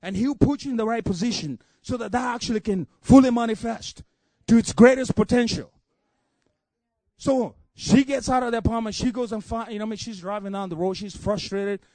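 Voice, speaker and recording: A man from Africa preaches with a strikingly high voice and fervent, rising delivery. He builds repeated refrains into near shouts, then eases down to a quieter storytelling tone. The recording is dry and close. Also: a little fast, dry recording. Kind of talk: sermon.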